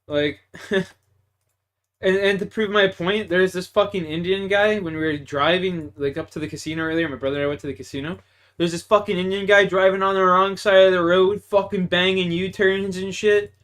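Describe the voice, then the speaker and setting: With a high, clear, resonant voice and fairly even intonation, a young Canadian man speaks at normal speed as he streams a game. He rants and swears casually, sometimes loud, sometimes mumbling.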